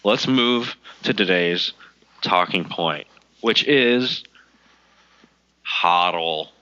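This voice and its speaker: Man, deep voice, casual podcast chat, filler-heavy, dry muffled recording. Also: very slow, pushed and bright, dry recording. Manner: loose, swearing, lots of "like" fillers. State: recovering from a cold, coughing. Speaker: podcast co-host.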